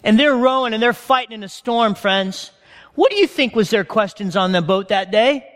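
A man with an unusually high voice delivers a sermon from the pulpit, and the words ring out with the long echo of a big church hall. He preaches as a pastor and tells the story in a lively way, calling the congregation friends. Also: moderate pace. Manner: animated storytelling, addresses listeners as friends. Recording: long reverb of a large hall.

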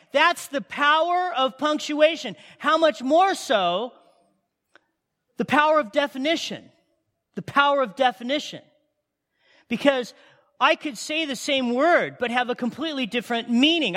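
A man preaching a sermon in a high, light voice that carries through a church hall, with a long reverberant tail on every phrase. He talks emphatically and conversationally, and keeps checking in with the congregation. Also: pushed and bright. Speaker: pastor.

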